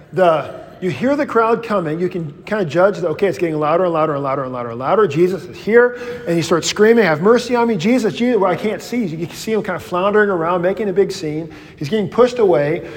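Male pastor, slightly high voice, casual animated Bible study teacher, long room reverb. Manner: casual, animated storytelling with acted quotes.

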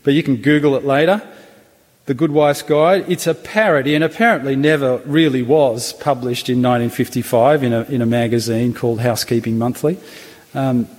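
A man's voice: mid-range voice, steady tone, a little mellow. A male preacher delivering a sermon to a church congregation. He speaks thoughtfully, stopping and restarting as he works through his points. His voice rings with a long hall reverb. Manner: hesitant, with restarts and thoughtful pauses.

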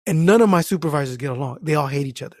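This guest storyteller, a man with a fairly high voice, talks very fast while recounting a work story in casual conversation. He curses freely and acts out the voices of the people involved, all in an animated style. The recording is dry and studio quality.

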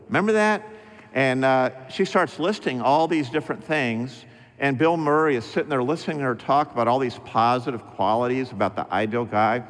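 Middle-aged guy preaching, slow emphatic refrains, long echo in the church hall. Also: medium pitch, a bit bright. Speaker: pastor. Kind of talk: sermon. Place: church sanctuary.

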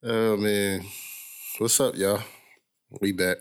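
A man's voice: on the low side, fairly even intonation, slow, clean tone. A young man co-hosting a podcast, talking in a laid-back, casual way, laughing often and repeating phrases. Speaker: podcast co-host. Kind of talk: casual chat. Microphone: studio podcast mic.

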